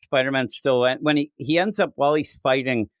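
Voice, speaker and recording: A man's voice: medium pitch, fairly quick, a bit bright, dry recording, studio quality. A man co-hosting a podcast, chatting casually about comics and slipping into goofy quoted voices. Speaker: podcast co-host. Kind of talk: casual comic book review chat.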